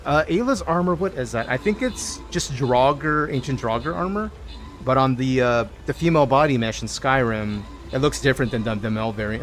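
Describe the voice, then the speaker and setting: A man's voice: mid-range voice, normal speed. A man live-streaming a video game, chatting casually with viewers in a playful, joking way full of tangents. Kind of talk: casual live-stream chat while gaming.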